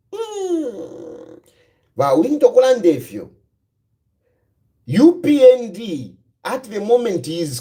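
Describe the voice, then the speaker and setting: A Zambian-accented man delivers political commentary on his own. His voice sits high and swings widely in pitch. He keeps firing rhetorical questions and slips easily between English and Bemba. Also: darkish tone.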